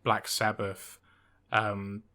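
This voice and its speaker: A man's voice: lowish voice, monotone, drawn-out words, bright, forceful tone. A man of twenty-one, a podcast co-host, telling a story in casual chat with many fillers and restarts.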